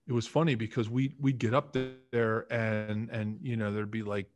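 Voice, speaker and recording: Chatty man telling animated stories. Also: on the low side, moderate pace, slight background noise. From Philadelphia area, United States. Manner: chatty, animated storyteller acting out quotes. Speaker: podcast guest, former football lineman. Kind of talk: casual storytelling interview.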